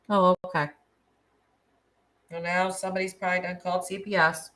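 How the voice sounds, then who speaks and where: A woman's voice: fairly low pitch, little pitch movement, brisk, pauses often, pushed and bright, low-quality recording. A middle-aged woman, hosting a casual live chat with callers, chatty, laughing often and restarting her sentences. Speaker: live stream host.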